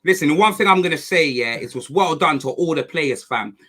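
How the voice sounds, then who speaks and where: A young man calling in as a fan, talking in an excited rush full of street slang. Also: a little high, fairly quick. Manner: hyped, heavy London slang. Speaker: caller.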